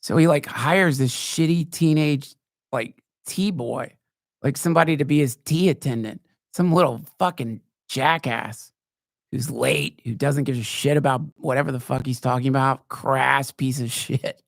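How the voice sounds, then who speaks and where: A man hosting a podcast, telling rambling, profane stories in a wry, casual way, now and then jumping into high mocking voices. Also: moderate pace, gravelly, no echo, studio quality. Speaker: podcast host. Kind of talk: casual storytelling monologue. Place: live show.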